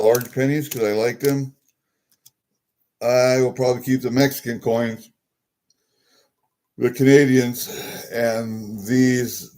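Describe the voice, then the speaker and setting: Man, unhurried casual vlog talk, soft dark tone, mutters and chuckles to himself. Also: mid-range voice. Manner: chatty, mutters to himself, easily delighted. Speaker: coin collecting vlogger.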